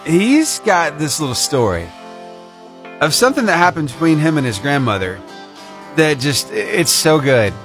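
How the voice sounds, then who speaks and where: A man's voice: medium pitch, fairly bright tone. Chatty laughing male radio host. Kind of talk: casual chat.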